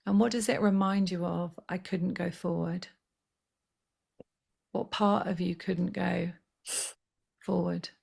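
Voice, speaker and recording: Gravelly low-voiced woman guiding healing. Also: steady tone. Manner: soft, slow, coaxing guidance. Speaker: spiritual healer. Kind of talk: guided healing session.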